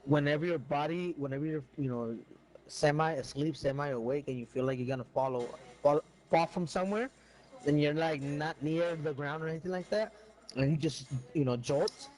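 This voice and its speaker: A man's voice: a little high, normal speed, darkish tone, rough recording. Laid-back gamer man saying "bro" a lot. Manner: laid-back, says "bro" constantly, hedging. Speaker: gamer chatting with friends. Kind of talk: casual chat.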